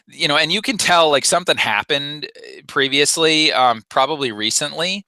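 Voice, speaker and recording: A man's voice: medium pitch, animated, moderate pace, sharp tone, no echo, low-quality recording. A man narrating a tabletop game as game master, casual and full of fillers.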